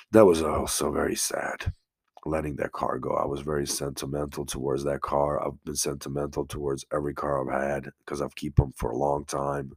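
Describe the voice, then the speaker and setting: A man's voice: rumbling low, creaky, slightly rough, no room sound, clean studio sound. A man hosting a solo podcast, talking casually and earnestly, sometimes choked up and swearing freely. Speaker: podcast host. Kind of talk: emotional casual monologue.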